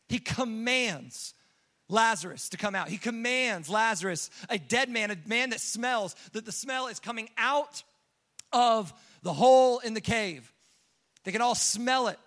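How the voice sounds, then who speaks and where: A young man preaching a sermon, telling a story with lively acted-out quotes and casual fillers. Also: high-pitched, normal speed. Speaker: pastor.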